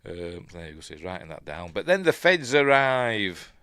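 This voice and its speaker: A middle-aged Yorkshireman's low voice swings widely in pitch at a moderate pace, bright and forceful, smooth and without echo. Speaking Yorkshire English, this film review host rambles casually through a film watch-along full of ums and uhs, now and then playfully mimicking characters.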